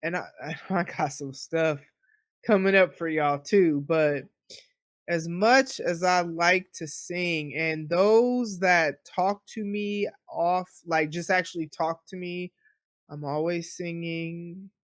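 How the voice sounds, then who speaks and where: A woman hosting her own podcast, telling stories in an animated, chatty way and acting out her own inner voice. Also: lowish voice, slow pace, no echo, studio quality. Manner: chatty, animated storytelling with quoted self-talk. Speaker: podcast host. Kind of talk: casual solo podcast monologue. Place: apartment.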